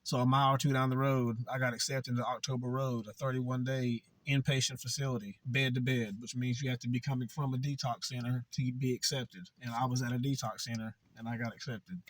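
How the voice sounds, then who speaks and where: A man's voice: mid-range voice, little pitch movement, brisk, few pauses. A young man vlogging, telling a candid personal story in a blunt, profane, conversational way.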